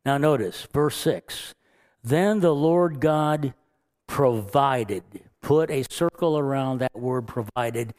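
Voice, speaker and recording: Slow male pastor mid-sermon, mid-pitched voice, earnest with light chuckles. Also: darkish tone. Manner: earnest, chuckles often, acts out God's lines.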